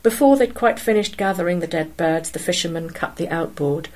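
A woman narrating a story aloud in a steady, measured way. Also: fairly low pitch, poor audio.

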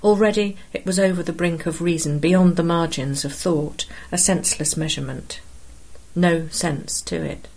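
Woman reading a story aloud, lowish voice, steady and expressive. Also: moderate pace, creaky. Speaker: narrator. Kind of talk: scripted story narration.

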